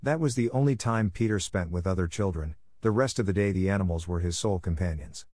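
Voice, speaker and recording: A man reading a children's classic aloud in a steady, measured way. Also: low-pitched. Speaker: audiobook narrator. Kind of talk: scripted storybook narration.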